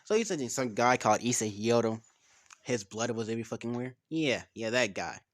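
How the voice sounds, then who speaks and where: A man's voice: medium pitch, fairly quick. A man casually reading fan fiction aloud, rambling, swearing and stumbling over the words. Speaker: story reader.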